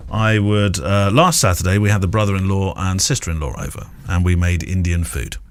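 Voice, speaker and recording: A man's voice: deep voice, fairly quick. A man hosting a podcast, chatty and joking, laughing often with his guests. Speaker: podcast host. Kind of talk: casual podcast chat.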